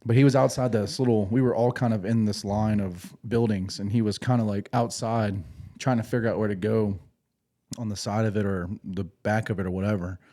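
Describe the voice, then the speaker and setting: A man's voice: on the low side, steady tone, fairly quick, warm tone. Laid-back man swapping service stories. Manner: laid-back, rambling, profane, with restarts. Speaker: podcast host, former infantry Marine. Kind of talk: casual storytelling.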